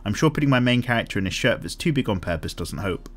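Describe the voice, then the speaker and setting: A man's voice: fairly low pitch, expressive, fast. A man hosts a casual art chat, reading viewer comments aloud in a rambling, self-deprecating way with frequent ums. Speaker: art channel host.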